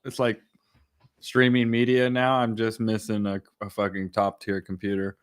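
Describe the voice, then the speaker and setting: A young man hosting a podcast, telling stories in a rambling, profane, animated way. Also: fairly low pitch, normal speed, clear, resonant tone. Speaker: podcast host. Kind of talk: casual chat.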